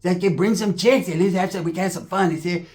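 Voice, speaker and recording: A man's voice: sits high, fast, darkish tone. A man with a Californian accent telling a rambling, profane street story full of slang and acted-out quotes.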